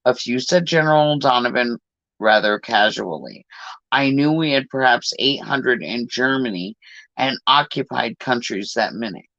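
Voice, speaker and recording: A man hosting a podcast, reading a book aloud in a deliberate way and slowing down on hard words. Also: medium pitch, sharp tone, no room sound. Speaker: podcast host. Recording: dull lo-fi dry recording.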